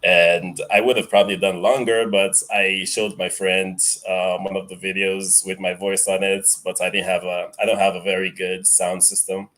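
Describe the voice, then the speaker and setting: A young man with an African accent calling in to a stream, shy and soft-spoken, laughing often. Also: low voice, flat delivery, moderate pace, few pauses. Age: young adult. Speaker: caller. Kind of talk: casual chat.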